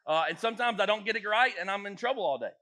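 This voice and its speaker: A man, a youth pastor, giving a joking, animated talk to teenage girls in a church youth room. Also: sits high, racing. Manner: jokey, animated, acts out voices. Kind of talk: casual talk to teens.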